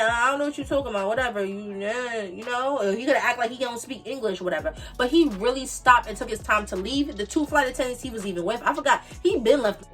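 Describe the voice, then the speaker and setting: A woman in her twenties from the Bronx, New York, with a New York accent, telling a storytime tale in an animated, emphatic way and repeating her points. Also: high voice, recorded from a distance. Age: 20s. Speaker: vlogger. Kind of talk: casual storytime monologue.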